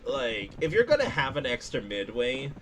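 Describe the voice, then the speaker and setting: A young man commenting live on a game he is playing for his chat, excitable and quick to laugh and yelp. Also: medium pitch, a little hiss or hum. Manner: excitable, laughs and yelps often. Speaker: gaming streamer.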